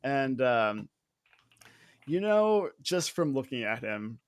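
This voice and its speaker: A man narrating a tabletop mystery game as game master, halting and full of fillers, laughing often. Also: mid-range voice, very animated, smooth, no echo.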